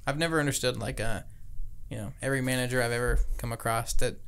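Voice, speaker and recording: A laid-back young man in a casual podcast chat. He mostly reacts with quick remarks and swearing, then talks at length about his own work. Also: mid-range voice, steady tone, fairly bright tone, smooth. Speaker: podcast co-host.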